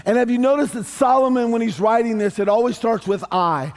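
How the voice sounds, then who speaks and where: A man preaching a sermon as pastor, animated and conversational with touches of humor. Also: extremely high pitch, brisk. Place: church sanctuary.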